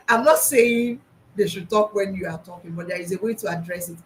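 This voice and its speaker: A woman's voice: medium pitch, fairly even intonation, moderate pace, rough recording. A woman school psychologist, talking earnestly to teachers about classroom practice, often restarting and repeating her points.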